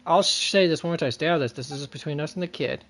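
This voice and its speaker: A man's voice: on the high side, fast, a bit bright, close to an everyday voice. A man voicing a pushy, rude thug boss with a brusque, threatening manner. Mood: menacing.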